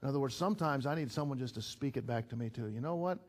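A man's voice: medium pitch, fast talker, a little mellow. A middle-aged man preaching a sermon to a small church group in a conversational way, building to emphatic peaks. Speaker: pastor. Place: church gathering.

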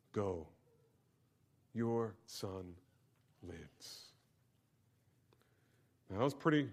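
A man preaching a sermon, shifting from hushed, intimate storytelling to loud, emphatic build-ups. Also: medium pitch. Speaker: pastor.

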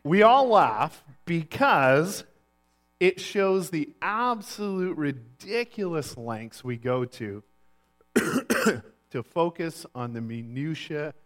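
A male pastor preaching to his church in a high-pitched voice. He tells stories in a loose, conversational way, often pausing on fillers. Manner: relaxed storyteller with frequent fillers. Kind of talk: sermon.

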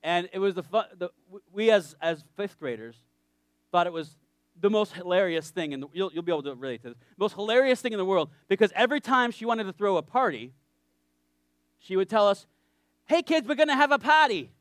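A man's voice: high-pitched, expressive, a little fast, no echo, studio quality. A man preaching a sermon in a conversational, joking way, often checking in with his listeners.

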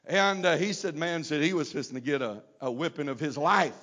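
A middle-aged man preaching a sermon at a youth conference, unhurried and building to loud emphasis. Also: on the high side.

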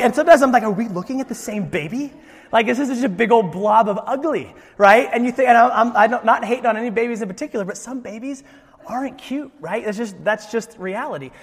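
A man preaching a sermon in a lively, joking way, acting out the voices of the story. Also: very high-pitched, in a large hall. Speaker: pastor.

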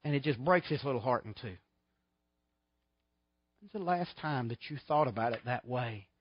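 A man's voice: medium pitch, lively intonation, moderate pace, breathy edge, no room sound, muffled recording. A middle-aged man preaching a sermon in a folksy, emphatic way, full of rhetorical questions. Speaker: pastor.

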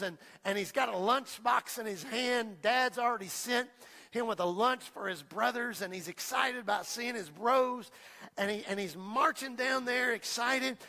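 A male preacher delivering a fervent sermon, repeating phrases and building toward shouts. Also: extremely high pitch. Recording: long reverb of a large hall.

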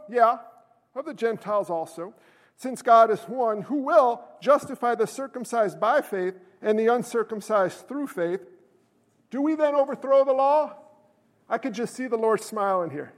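A pastor preaching a sermon, animated and jokey, bursting into shouted emphasis. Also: male voice, very high-pitched, normal speed, long reverb tail.

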